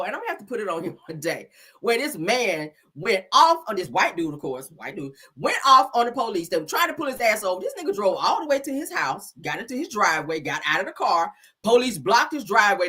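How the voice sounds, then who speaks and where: A woman hosts casual commentary, loose and profane, breaking into laughter and acting out the people she talks about. Her voice is bright and somewhat husky. Her pitch swings widely. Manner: animated, profane, laughing, mimics others. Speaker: commentary channel host. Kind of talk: casual talk-show commentary.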